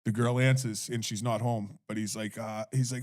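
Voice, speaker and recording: A man chats on a podcast, retelling a funny clip with eager, profane enthusiasm. His voice sits at an ordinary middle pitch. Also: steady tone, moderate pace, few pauses, darkish tone. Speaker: podcast co-host. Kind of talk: casual chat.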